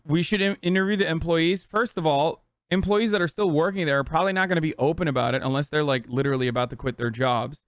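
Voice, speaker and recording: A man's voice: on the high side, steady tone, fast talker, few pauses, no room sound, studio quality. A man in his thirties ranting and mocking in profane, casual live-stream commentary.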